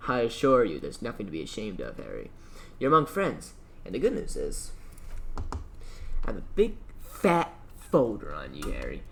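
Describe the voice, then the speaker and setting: A man doing a slow, oily union boss. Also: on the low side, wildly swooping pitch, vocal fry, a little hiss or hum, full character voice. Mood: smooth. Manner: slow, oily, deliberately reassuring. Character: scheming smooth-talking male union boss. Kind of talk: game let's-play voice acting.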